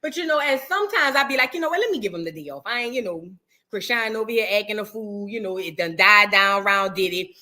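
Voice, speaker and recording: A woman chatting casually about celebrity gossip as host of her channel, sassy and animated, sometimes breaking into sung bits. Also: medium pitch, quick pace.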